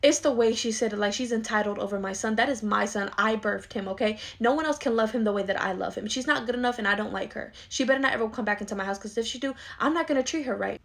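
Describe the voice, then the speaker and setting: A bossy, indignant middle-aged mom who puts her son first and scolds her daughter in a rapid, clipped rush, as a woman acts her out. Her voice sits a little high and she talks fast in this comedy skit. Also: creaky. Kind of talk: skit role-play.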